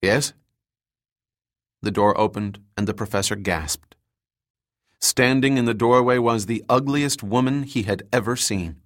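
A man reading an audiobook in measured scripted narration. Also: medium pitch, fairly bright tone, no echo, clean studio sound.

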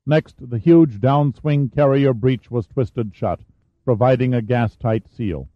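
A man reading a thriller audiobook in a steady, measured narration. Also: mid-range voice, no echo. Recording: dull dry studio recording.

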